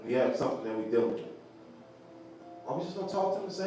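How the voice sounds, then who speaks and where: High-voiced, lively man preaching in an echoey hall. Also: quick pace, soft background music. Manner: animated, laughing, asks the crowd questions. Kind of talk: interactive Bible teaching. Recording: echoey room from far off, faint noise.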